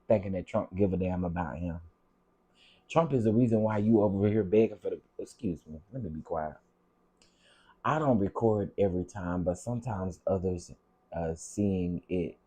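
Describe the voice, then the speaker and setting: Low mellow guy on a livestream, talkin to chat, repeats stuff, gets kinda teary. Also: husky. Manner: chatty, greets viewers by name, repeats himself; heartfelt, on the edge of tears at times. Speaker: livestream host reading viewer comments.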